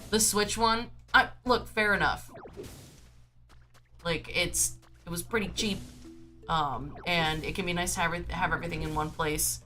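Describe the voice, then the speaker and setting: A woman talks to her stream from home in a loose, rambling way, stopping and restarting her sentences. Her voice sits a little low but has a bright, forceful edge. Faint music plays behind her. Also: a little slow. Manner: rambling, chatty, full of "um" and "like" and restarts. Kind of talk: casual chatty livestream talk.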